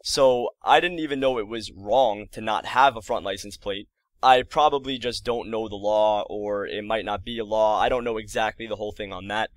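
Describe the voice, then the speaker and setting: A man in his early twenties telling a story to his viewers in a casual, exasperated and rambling way, full of quick asides. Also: fairly low pitch, no echo. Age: early 20s. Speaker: vlogger.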